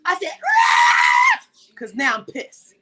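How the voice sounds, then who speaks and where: Woman host, high voice, very lively pitch, profane animated storytelling. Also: fairly quick, poor audio. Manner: animated, profane, acts out dialogue. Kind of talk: casual storytelling chat.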